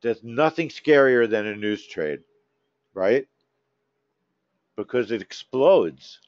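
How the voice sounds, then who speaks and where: Animated man coaching his trading room. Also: medium pitch, takes it slowly, no room sound. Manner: animated, coaxing, teasing members by name. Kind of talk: live chat with trading room members. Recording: dull, dry lo-fi stream audio.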